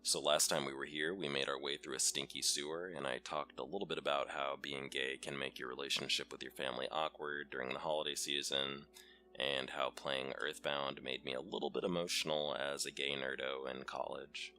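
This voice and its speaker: Super deep hoarse guy doing let's play commentary, gravelly and kinda bright edge, rambling chatty. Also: fairly even intonation, brisk. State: hoarse from a cold. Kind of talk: casual gaming commentary.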